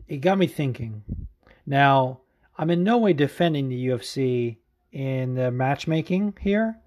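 A man hosting a podcast in a casual, excitable way, swearing freely and saying dude a lot, tired from a late session. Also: medium pitch. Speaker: podcast host.

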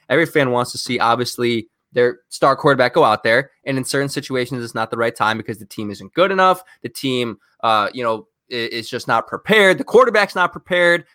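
A man co-hosting a sports podcast, ranting in an animated, exasperated way and firing off rhetorical questions. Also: medium pitch, dry recording, clean studio sound. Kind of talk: heated sports talk.

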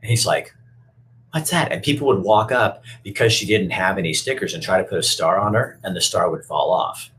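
A man's voice: low-pitched, brisk, few pauses, a bit bright, a little hiss or hum. A man telling a story and then speaking out in an emphatic, emotional and profane way. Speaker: speaker who reads stories to schoolkids. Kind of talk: storytelling and personal rant.

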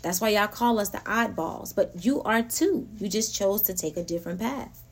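A woman hosting a casual spiritual talk, animated and laughing often as she speaks straight to her listeners. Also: mid-range voice, normal speed. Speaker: podcast host.

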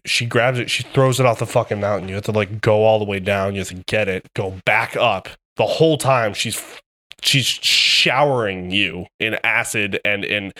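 A man co-hosting a casual podcast chat. He tells excitable stories that are full of swearing. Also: lowish voice. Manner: excitable, profane storytelling. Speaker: podcast co-host.

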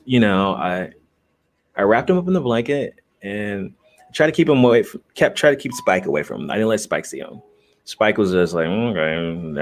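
A man who makes videos, talking casually and softly to his viewers in a rambling way, with lots of fillers and restarts. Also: lowish voice. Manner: rambling, soft-spoken, frequent fillers and restarts. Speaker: video creator. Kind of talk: casual livestream chat.

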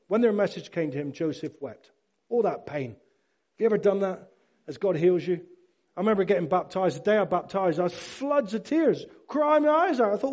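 Preacher with a high, mellow voice. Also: male voice, moderate pace. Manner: animated, acts out Bible characters; asks the congregation questions. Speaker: pastor. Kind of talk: sermon.

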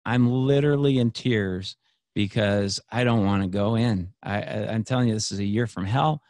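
A man's voice: lowish voice, moderate pace, a little mellow, no room sound. A man, a podcast guest, telling a personal story in a rambling, earnest way, full of fillers and restarts. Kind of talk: casual storytelling conversation.

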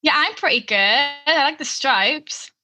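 A woman's voice: sits high, lively intonation, unhurried, bright, forceful tone. A woman interviewing a podcast host, chirpy and teasing in casual chat. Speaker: guest interviewer.

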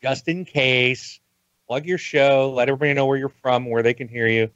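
A man's voice: medium pitch, fairly even intonation, a little fast, a bit bright, no echo. Man, podcast host, casual chat, hesitant, dry muffled audio. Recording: dry, dull lo-fi sound.

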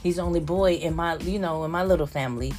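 An older woman talks in a loose, rambling way, often slipping into little acted-out voices. Her voice sits on the low side, and faint music plays behind her. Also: fast talker, darkish tone. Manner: chatty, rambling, acts out voices of family. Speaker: vlogger. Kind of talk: casual chat.

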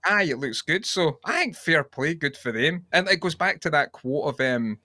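A man's voice: a little high, expressive, normal speed, sharp tone, no echo. A Scottish man co-hosting a podcast, rambling and reflective in casual, sweary chat. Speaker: podcast co-host.

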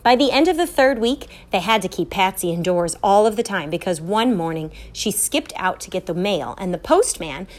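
A woman's voice: mid-range voice, moderate pace, few pauses. Woman reading a children's story aloud. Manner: lively, expressive storytelling. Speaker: reader.

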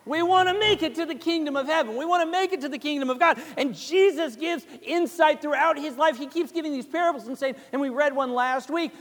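A male pastor with a very high, fairly bright voice preaches to his congregation, speaking fairly quickly with few pauses. He retells the parable as a story and keeps asking listeners questions, his sermon ringing with a large church hall's long reverb.

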